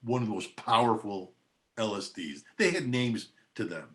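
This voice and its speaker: An older man, an attorney and podcast guest, telling a personal story in a relaxed, anecdotal way, often laughing. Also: on the low side, normal speed. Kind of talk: casual storytelling.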